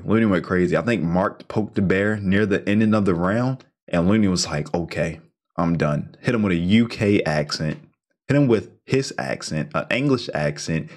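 A young man hosting a reaction video, talking in an excited, slangy way and repeating himself as he gives his take. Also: sits low. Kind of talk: casual reaction commentary.

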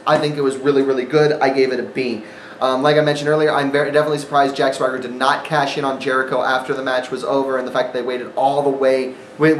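A man's voice: medium pitch, echoey room, a little hiss or hum, rough recording. A man hosting a casual wrestling review monologue, sarcastic and rambling, with frequent fillers. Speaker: wrestling event reviewer, channel host.

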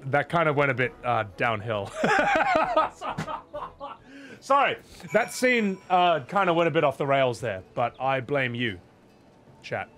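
A young man streaming a game, chatting casually and excitably to his viewers with laughs and apologies. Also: mid-range voice, moderate pace, a little hiss or hum. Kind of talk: casual game commentary to chat.

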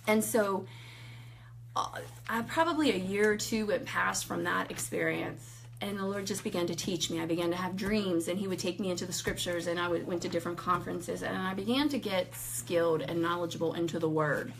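Gravelly-voiced woman telling a faith story. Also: fairly low pitch, a little fast. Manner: animated storyteller, acts out quotes, laughs often. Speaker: guest sharing testimony. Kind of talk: casual faith testimony chat.

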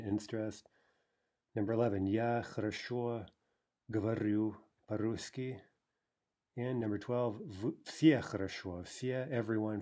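Dark, husky male language teacher. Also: fairly low pitch. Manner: explanatory, says "right?" often. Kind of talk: recorded online lesson.

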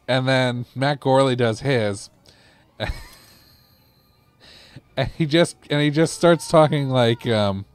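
A man's voice: mid-range voice, slow pace, long pauses, smooth, no echo. A man co-hosting a let's play, chatting casually and rambling through anecdotes with a loose, laughing manner. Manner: rambling storyteller, laughing at his own anecdotes; casual, loose, swears freely. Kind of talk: casual gaming chat.

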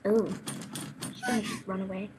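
A woman's voice: medium pitch, flat delivery, normal speed, noisy background. A young woman playing through a game while chatting casually, reading its text aloud, reacting emotionally and laughing at her own slips. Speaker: let's play player. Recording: game music behind the voice.

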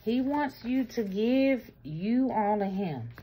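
A woman giving a casual tarot reading, talking bluntly and explicitly, swinging between loud bursts and low murmurs. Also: animated, slow pace. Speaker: tarot reader.

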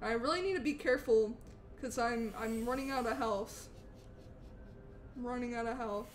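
A young woman streaming a game live, chatting with viewers in a bubbly, animated way and eagerly thanking them. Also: fairly high pitch, moderate pace, slight background noise. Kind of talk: live gameplay stream chat.

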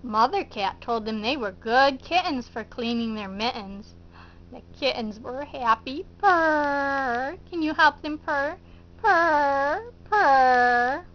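A woman's voice: a little high, lively intonation, unhurried. A woman telling a preschool felt-board story in a sing-song way, coaxing the children to count, cheer and join in. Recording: dull lo-fi recording.

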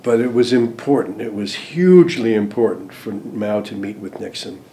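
An older American man, a former diplomat, recalling events in an interview, hesitant with many ums and restarts, trailing off softly at phrase ends. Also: fairly low pitch, normal speed, a little hiss or hum. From United States. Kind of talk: interview recollection.

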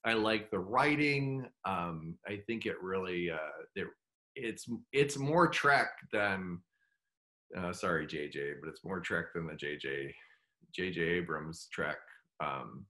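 A middle-aged man speaking as a guest in a casual interview, halting and heartfelt. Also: low-pitched, lively intonation, bright, forceful tone. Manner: halting, full of fillers and restarts; heartfelt, open about his feelings. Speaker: guest actor.

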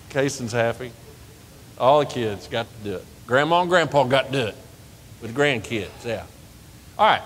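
A man preaching a sermon as pastor, lively and conversational, asking the congregation questions and laughing along with them. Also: normal speed, long pauses. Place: church sanctuary. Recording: reverberant church hall with faint rumble.

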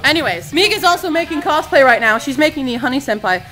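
High, bright-voiced woman vlogger, bubbly and rambling, faint music in the background. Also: rough recording. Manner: excitable, rambling, with quick restarts. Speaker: vlog host. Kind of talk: casual video-diary chat.

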